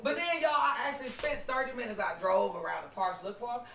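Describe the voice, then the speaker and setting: A woman podcast host telling a story in casual chat, animated and acting out what people said. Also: a little high, fast talker, vocal fry. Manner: animated, acts out quoted lines, lots of "you know what I'm saying". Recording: roomy room, distant mic.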